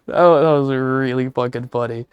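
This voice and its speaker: A man's voice: medium pitch, fairly even intonation, moderate pace, clear, resonant tone, dry recording, dull audio. Swearing, laughing male streamer, dry sound. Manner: profane, laughing storyteller; talks to chat viewers. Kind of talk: casual stream chat.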